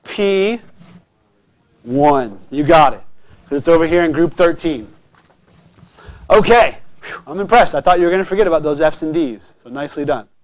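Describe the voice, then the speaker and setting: Teacher: man, fairly high voice, upbeat and encouraging, frequent comprehension checks. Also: expressive, normal speed, pauses often. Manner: encouraging, checks understanding often. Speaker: chemistry teacher. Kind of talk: classroom lecture. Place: classroom.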